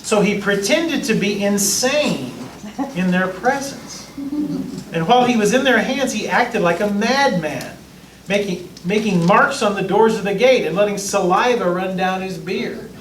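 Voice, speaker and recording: A man's voice: high-pitched, a little slow, slight background noise. A man, a pastor, teaching a Bible class in a casual, joking way, acting out what the people in the stories say. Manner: joking, lively, acts out the lines of biblical people. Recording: echoey room, mic far off.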